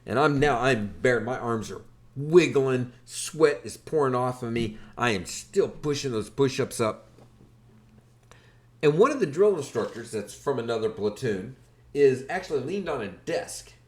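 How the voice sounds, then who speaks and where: A man hosting a podcast, telling a wry, animated story in a casual way. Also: medium pitch, measured pace. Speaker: podcast host.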